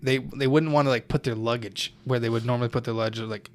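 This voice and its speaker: A man's voice: mid-range voice, steady tone, fast talker. Young man telling a story, swearing casually. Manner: loose, swears often, laughs, loses his thread. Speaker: podcast co-host telling the story. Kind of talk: casual chat.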